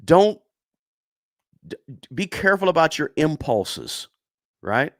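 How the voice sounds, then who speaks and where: A man's voice: fairly high pitch, very animated, slow pace, no room sound, studio quality. A middle-aged man hosting a casual livestream lesson, repeating points for emphasis and asking "right?" constantly while answering chat. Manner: repetitive, emphatic, tags lines with "right?"; chatty and encouraging toward viewers. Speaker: livestream host teaching investing.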